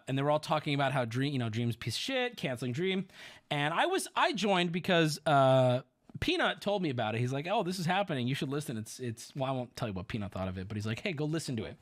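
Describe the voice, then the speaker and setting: Animated, bright-voiced male streamer. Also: medium pitch. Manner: animated, profane, sarcastic storytelling. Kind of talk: casual commentary.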